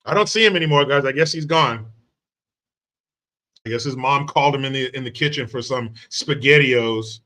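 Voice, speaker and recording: A man's voice: mid-range voice, normal speed, bright, forceful tone. A man hosting a live stream from the United States, reacting to chat in a brash, mocking, profane way. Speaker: livestream host.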